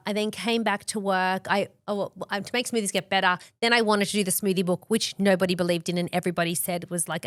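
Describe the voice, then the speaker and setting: A woman's voice: fairly low pitch, dry recording, clean studio sound. An Australian woman in her forties, a podcast guest telling her story candidly and acting out the dialogue she quotes. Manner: animated, acts out quoted dialogue, frequent "like".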